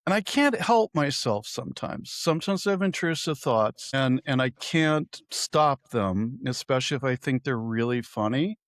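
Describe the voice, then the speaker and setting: A man's voice: medium pitch, expressive, moderate pace, few pauses, no room sound. A middle-aged man co-hosting a podcast, telling wry, self-deprecating anecdotes in casual chat. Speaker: podcast co-host.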